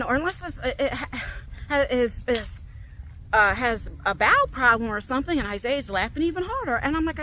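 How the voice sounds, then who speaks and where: A middle-aged woman vlogging as she walks in a park, telling a story casually and acting out her own lines with big leaps in pitch, recorded on a phone. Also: fairly quick, a little hiss or hum. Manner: animated, quotes herself with big jumps in pitch. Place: outdoors in a park, walking. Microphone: phone on a selfie stick.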